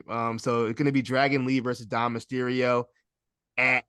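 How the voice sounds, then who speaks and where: A man hosting a casual wrestling podcast, talking in an animated way, laughing often and restarting his sentences. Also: medium pitch, moderate pace, smooth, dry recording, studio quality. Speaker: podcast host.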